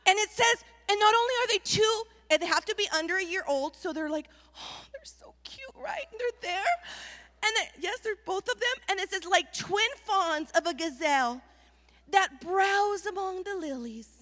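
A woman pastor preaching a lively sermon with call-and-response to the congregation. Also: very high-pitched, moderate pace, big-room sound.

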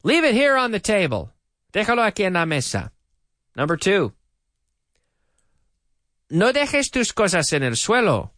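A man hosts a radio language lesson with a fairly high voice that swoops up and down as he drills sentences. He repeats each line slowly and clearly for his listeners, close to a dry studio microphone. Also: huge pitch swings, a bit bright, dry recording. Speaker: radio English teacher.

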